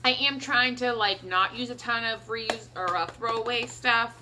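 A woman's voice: on the high side, moderate pace, pushed and bright, slight background noise. A middle-aged woman with a Midwestern American accent chatting casually in a haul vlog, upbeat and rambling, talking around a cough drop. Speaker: vlogger.

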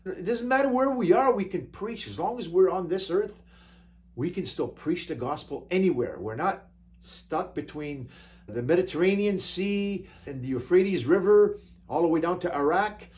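A man pastor preaching a sermon, reading scripture slowly with drawn-out emphasis and scattering hallelujahs between points. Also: high voice, lively intonation, a little mellow. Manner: peppers talk with hallelujahs.

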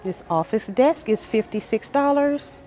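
A woman filming a casual walkthrough of a furniture store on her phone, excitedly reading out sale prices and chatting to her viewers. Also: a little high, measured pace. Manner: excited, reads prices aloud, addresses viewers as guys. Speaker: shopping vlogger. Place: large furniture store, indoors.

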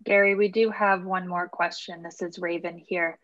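A woman's voice: on the low side, flat delivery, normal speed, a bit bright, lo-fi sound. A woman moderating a workshop, reading out an audience question in a polite, plain way. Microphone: video call.

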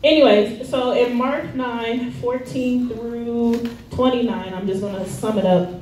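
A woman's voice: a little high, steady tone, measured pace, a little mellow. A woman giving a casual, conversational sermon in slangy everyday speech, with lots of fillers and easy laughter. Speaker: speaker at a church service. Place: church hall. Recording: echoey room, voice far from the mic, faint noise.

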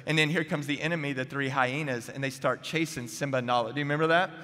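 Lively preacher man in an echoing chapel. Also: mid-range voice, fast talker. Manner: energetic, humorous, questions the crowd. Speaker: guest preacher. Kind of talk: chapel sermon. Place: seminary chapel. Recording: echoey chapel hall.

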